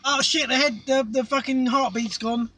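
Man, middle-aged, sweary storyteller, bright voice, car chat, faint background noise. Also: very high voice, fairly even intonation, normal speed, far from the mic, rough recording. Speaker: podcast co-host. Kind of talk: crude casual chat. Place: parked car.

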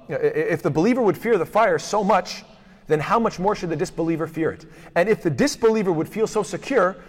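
A man teaching a lesson on hadith, rapidly reciting Arabic passages, then explaining them and posing rhetorical questions to his listeners. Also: on the high side. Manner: poses rhetorical questions to the class. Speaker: Islamic studies teacher. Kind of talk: lecture on hadith. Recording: long hall reverb.

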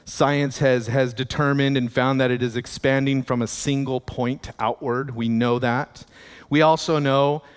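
Male pastor, mid-pitched voice, relaxed sermon style, long church-hall reverb. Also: measured pace, clean tone. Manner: conversational, with chuckling asides.

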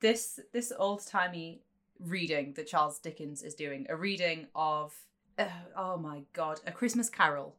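A woman's voice: low voice, a little slow, a bit bright. A woman co-hosting a podcast, chatting in a joking, chatty way. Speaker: podcast co-host. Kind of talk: casual chat.

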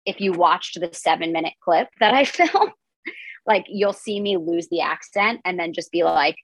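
A woman's voice: lowish voice, normal speed, no echo, low-quality recording. A woman comedian being interviewed, chatting casually with lots of "like" fillers. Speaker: comedian guest.

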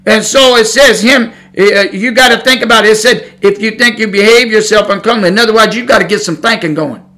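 A man's voice: high-pitched, a little fast, pushed and bright. A middle-aged man preaching as a Pentecostal pastor, blunt and folksy, hammering home his points in a sermon.

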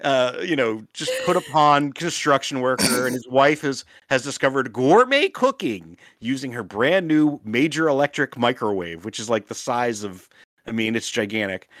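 Animated male podcast co-host, lively pitch, dry close sound. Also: normal speed, no room sound. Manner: animated, laughing often. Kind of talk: casual chat.

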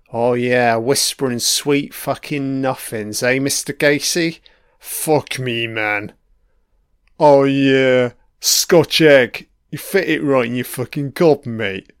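A man with a smooth, clean voice talks unhurriedly over an episode, tossing crude, mocking jabs at the characters. The recording is dry and close, with no room sound. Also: mid-range voice, a bit bright, no room sound. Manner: profane, mocking, heckles characters on screen. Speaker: film commentator. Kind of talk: watch-along episode commentary.

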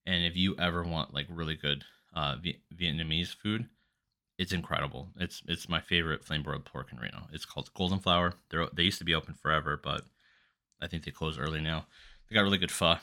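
A man with an extremely low, brisk voice hosts a solo podcast. He tells a rambling, profane story, sounding animated and exasperated throughout.

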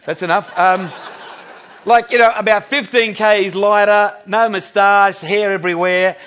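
A man in his fifties with an Australian accent, preaching a sermon in a relaxed storytelling way, chuckling and restarting his sentences as he goes. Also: sits high, measured pace, clear, resonant tone. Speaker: pastor.

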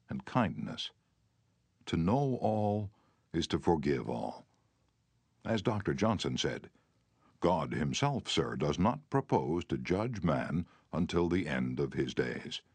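A man reading a self-help audiobook aloud in a measured, earnest way, turning tender and remorseful in the quoted letter. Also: rumbling low, slightly rough, no room sound. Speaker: audiobook narrator. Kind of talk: scripted audiobook narration.

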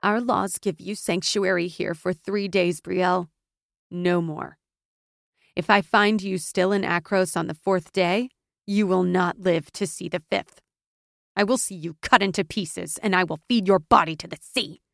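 A woman voicing a cold noblewoman whose voice climbs to a shrill, fearful pitch. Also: fairly even intonation, a little slow, gravelly, a bit bright, dry recording, studio quality. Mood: threatening. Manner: cold, rising to shrill rage.

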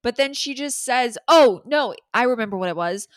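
A young woman co-hosting a casual podcast recap, animated and swearing freely. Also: a little high, moderate pace, no echo. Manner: animated, swearing, bursts of laughter. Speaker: podcast co-host.

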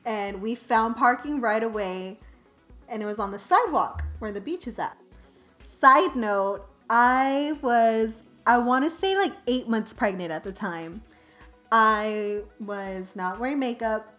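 A young woman telling a story on her vlog in a casual, animated, self-mocking way, full of "like". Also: on the high side, a little slow, soft background music. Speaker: vlogger.

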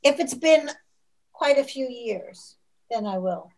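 A woman who writes novels, answering questions in a measured, thoughtful way during a casual chat. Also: sits high, lively intonation, a little mellow, poor audio. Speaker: novelist guest.

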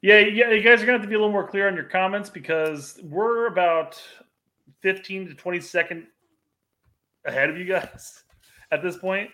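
Bright-voiced man in his thirties co-hosting. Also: sits high, normal speed. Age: 30s. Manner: easygoing, laughs often, reads viewer comments. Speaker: podcast co-host. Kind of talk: casual livestream chat.

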